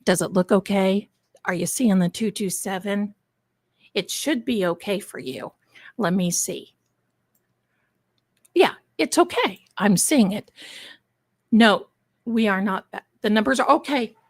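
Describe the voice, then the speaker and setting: Her voice congested by allergies, a woman runs a casual livestream, theatrical and talkative, calling viewers her darlings. She speaks at medium pitch with a measured pace and long pauses. The recording is dry and clean, studio-grade.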